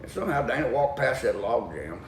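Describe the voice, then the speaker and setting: A man telling a folksy story, animated and laughing as he goes. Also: medium pitch, brisk. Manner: lively, animated, laughs through his story. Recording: echoey room, distant mic, faint noise.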